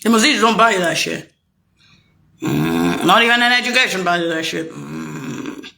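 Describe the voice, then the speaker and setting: She talks a little slowly with vocal fry and a sing-song lilt, directing a bitter, profane, meandering rant at the camera that shifts between shouting and muttering under her breath.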